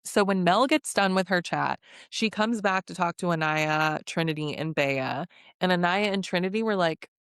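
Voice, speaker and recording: A woman's voice: fairly low pitch, normal speed, a bit bright, clear, resonant tone, no room sound, studio quality. A woman giving a chatty, sassy recap of a reality show, laughing often and acting out what people said. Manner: sassy commentary. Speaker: recap host.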